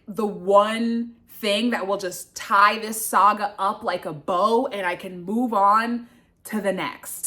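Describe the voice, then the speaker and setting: A young woman telling a casual storytime vlog, animated and swearing, acting out what others said. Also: mid-range voice. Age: young adult. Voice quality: expressive, swearing, acts out voices of others. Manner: animated retelling, swings between loud and hushed. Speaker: vlogger, grad student.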